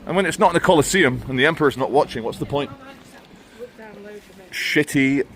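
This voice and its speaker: A man with a British English accent doing a walking vlog outdoors on a town high street, ranting sardonically with wry asides. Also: slight background noise. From England. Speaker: vlogger.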